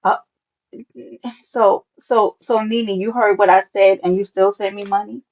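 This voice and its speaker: A woman hosting a casual live stream, sassy and animated, greeting viewers by name and often jumping into a high playful voice. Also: measured pace. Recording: dull lo-fi stream audio.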